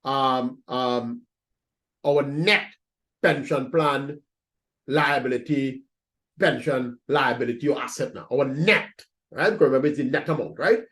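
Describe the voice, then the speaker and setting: In a screen-recorded accounting lecture, a man with a mid-range, fairly bright voice walks students through entries step by step at an unhurried pace. He repeats his points and checks in with "right?".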